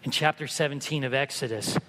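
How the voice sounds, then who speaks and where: A pastor preaching a sermon, moving from hushed storytelling to loud, emphatic exhortation. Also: male voice, medium pitch, fairly quick, long reverb tail.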